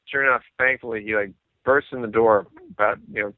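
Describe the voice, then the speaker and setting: In a casual interview, a musician guest with a lowish voice talks a little fast, telling lively stories and acting out other people's words. His line is tinny and phone-like, dry with no room sound.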